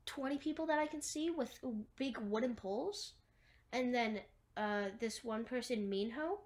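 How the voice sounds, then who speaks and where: A woman's voice: a little high, measured pace. A woman retelling a film scene by scene in a rambling, casual way, full of "like" and restarts. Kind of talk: casual movie recap.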